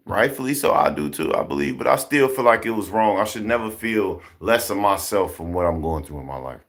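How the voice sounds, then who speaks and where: Animated man preaching at his viewers. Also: on the low side, a little fast, hardly any pauses. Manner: animated, repetitive, rhetorical questions. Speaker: commentary vlogger. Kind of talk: casual preachy commentary.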